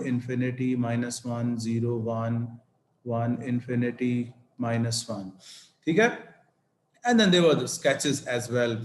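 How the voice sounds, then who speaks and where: Male maths teacher, slow and deliberate, echoey room. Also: medium pitch, a little hiss or hum. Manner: slow, deliberate explanation with frequent "okay?" checks. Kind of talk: whiteboard maths lesson.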